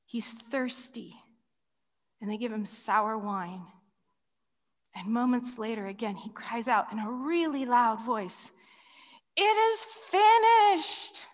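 Woman preacher, sermon storytelling, slow and deliberate, higher voice, long hall reverb. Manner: dramatic, shifting between loud cries and hushed whispers. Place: large hall with ceiling.

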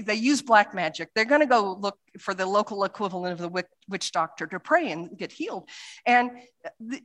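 A woman missionary giving a church talk with slides, chatty and hesitant, full of fillers and restarts, acting out quotes as she tells stories. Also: medium pitch. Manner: lively storytelling with acted quotes. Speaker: missionary speaker.

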